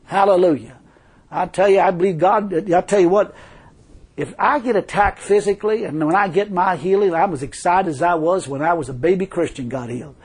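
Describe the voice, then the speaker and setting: A man's voice: sits high, fairly quick, breathy edge. A man preaching a fervent sermon, telling a story and repeatedly crying hallelujah.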